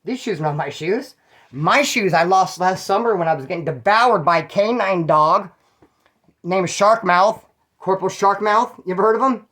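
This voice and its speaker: A man's voice: high voice, moderate pace, fairly bright tone. A man hosting his own channel, telling prison stories in a rambling, profane, streetwise way. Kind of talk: casual first-person storytelling.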